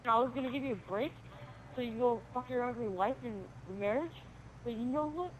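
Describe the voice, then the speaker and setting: A woman's voice: a little high, fairly quick, a little hiss or hum, low-quality recording. A woman playing a swearing, threatening police officer in an improvised game role-play. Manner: bossy, swearing, threatening, shouty.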